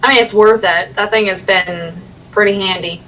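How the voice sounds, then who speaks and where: A woman co-hosting a casual livestream chat, rambling and quick to laugh. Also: medium pitch, steady tone, pushed and bright, recorded from a distance, slight background noise, low-quality recording. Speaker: stream co-host.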